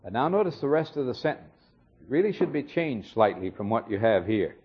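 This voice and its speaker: Husky-voiced man teaching from the Bible. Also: fairly low pitch, very animated. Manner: measured, explanatory, with occasional fillers. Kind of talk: expository sermon. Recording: dull lo-fi recording.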